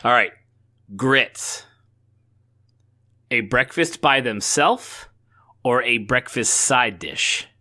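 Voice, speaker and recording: A man co-hosting a podcast, telling stories in a rambling, profane and animated casual chat. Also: medium pitch, extremely slow, long pauses. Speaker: podcast co-host.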